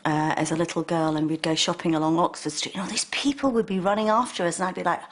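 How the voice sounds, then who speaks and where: A woman's voice: lowish voice, fairly even intonation, fast. A woman recalling childhood memories in an interview. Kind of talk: reminiscing interview.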